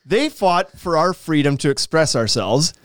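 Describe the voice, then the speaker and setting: A man's voice: on the high side, expressive, measured pace, no echo, studio quality. A man hosting a podcast in casual chat, joking and ranting with a laugh. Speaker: podcast host.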